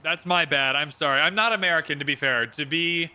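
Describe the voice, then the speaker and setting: Young Canadian male streamer, upbeat chatter, fairly high and very bright voice. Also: brisk, clear, resonant tone. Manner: chatty, reads out viewers' locations, swears casually. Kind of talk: casual livestream chat while playing.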